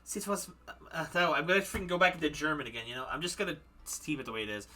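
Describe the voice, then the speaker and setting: A man streaming a live game playthrough, reacting excitably in loud bursts between reading lines aloud. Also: on the high side, rapid-fire, few pauses, a little hiss or hum, low-quality recording.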